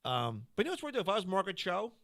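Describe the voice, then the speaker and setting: A man's voice: high voice, wildly swooping pitch, very fast, a bit bright. A man, a stand-up comedian, chatting casually on a podcast and telling rambling stage stories with lots of restarts and laughs. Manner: rambling, self-interrupting, laughing storyteller.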